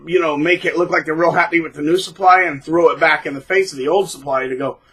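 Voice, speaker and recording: A man hosting his own channel, talking bluntly and casually, mocking people by acting out quotes in shrill put-on voices. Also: steady tone, fast talker, bright, forceful tone, breathy edge, poor audio. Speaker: channel host. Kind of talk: casual monologue.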